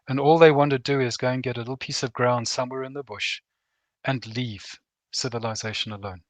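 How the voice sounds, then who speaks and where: A man's voice: medium pitch, steady tone, brisk, dry recording. A middle-aged man speaking earnestly and plainly as a guest on a veterans' program, acting out short bits of dialogue as he talks. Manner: earnest, plain-spoken, acts out quoted dialogue. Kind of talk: reflective talk.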